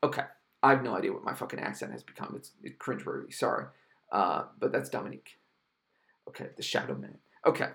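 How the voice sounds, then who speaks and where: A man with a gravelly, creaky voice delivers a solo review podcast. He rants with sarcasm and exasperation and swears freely. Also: fairly low pitch, big pitch swings, fast talker, fairly bright tone. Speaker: podcast host reviewing films.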